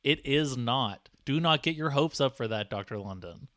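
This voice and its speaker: A man co-hosts a comedy podcast, teasing his partner with playful exasperation. His voice is mid-pitched, and the recording is close and dry. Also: lively intonation, normal speed, a bit bright, no room sound. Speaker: podcast producer.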